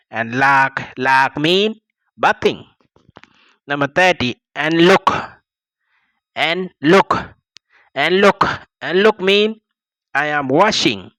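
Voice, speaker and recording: A man's voice: fairly high pitch, bright, forceful tone, dry recording, rough recording. A young South Sudanese man with a Dinka first language, teaching vocabulary and repeating each word several times with plain translations. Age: young adult. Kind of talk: slow vocabulary lesson with repetition.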